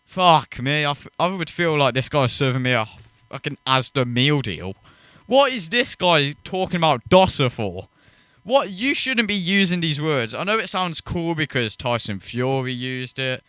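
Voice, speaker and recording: A man's voice: a little high, animated, normal speed, sharp tone, clean tone, no echo. A man hosting a reaction video, mocking and swearing as he rants in scornful commentary.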